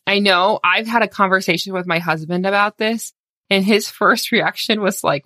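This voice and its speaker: A woman's voice: mid-range voice, normal speed, bright, forceful tone, dry recording. Candid woman podcast host, dry close sound. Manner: conversational, candid, encouraging with many "like"s. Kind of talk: solo podcast monologue.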